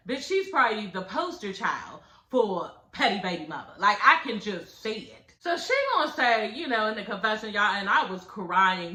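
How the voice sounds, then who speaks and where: A woman's voice: a little high, sharp tone, reverberant. A woman recapping a reality show in casual, blunt, profane chat, laughing as she talks.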